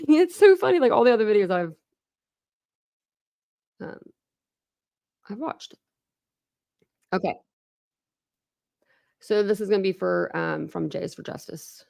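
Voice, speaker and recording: A woman's voice: medium pitch, animated, creaky, a little mellow, no room sound. A woman from Ohio with a Southern twang, hosting a casual true crime livestream and chatting in a rambling way full of asides. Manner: rambling and chatty, many fillers and quick asides. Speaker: true crime channel host.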